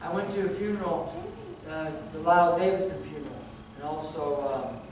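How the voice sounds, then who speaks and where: A male pastor delivers a sermon in a loose, conversational way, circling back and repeating himself mid-sentence. He sounds a fair way from the microphone in a strongly reverberant church. A steady background noise runs under his voice. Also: on the high side, brisk. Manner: conversational preaching with frequent restarts and repeated words. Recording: very echoey hall, distant mic, background noise.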